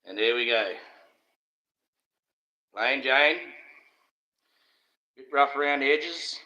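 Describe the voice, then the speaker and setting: A man's voice: mid-range voice, slow, sharp tone, lo-fi sound. An older man, hosting a casual livestream in a rambling, jokey way and chuckling to himself. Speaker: livestream host.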